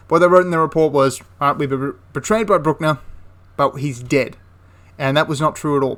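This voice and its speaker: A young man casually retelling a wartime history story, chatty and prone to correcting himself mid-sentence. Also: a little high. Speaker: history channel host.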